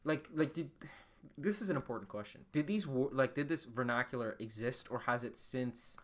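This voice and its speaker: A man's voice: mid-range voice, moderate pace. A young man hosting a podcast, chatting casually in a rambling way, full of fillers, swearing and laughter. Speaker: podcast host. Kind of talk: casual chat.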